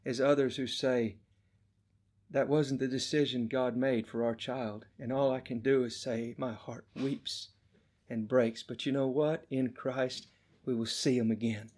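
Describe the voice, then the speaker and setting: A middle-aged man preaching a sermon, telling a testimony with passion and swinging between hushed and loud delivery. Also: mid-range voice, fairly even intonation, a little slow.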